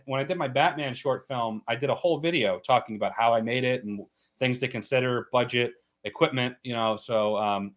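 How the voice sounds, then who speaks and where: A man's voice: mid-range voice, sharp tone. A man from the United States hosting a casual livestream, explaining at length with plenty of fillers and restarts. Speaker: livestream host.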